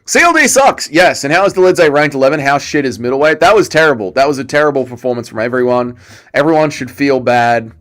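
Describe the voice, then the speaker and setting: This livestream host is a young Australian guy with a mid-range voice who talks fast. He mocks the fights crudely, swears freely, and reads out and responds to chat during casual fight-watching.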